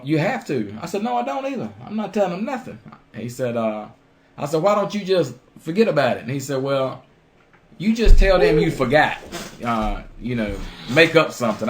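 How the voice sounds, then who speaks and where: A man's voice: medium pitch, lively intonation, normal speed, a little hiss or hum. A middle-aged man telling a personal story on a religious radio show, plainspoken and chuckling now and then. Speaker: ministry member telling a story.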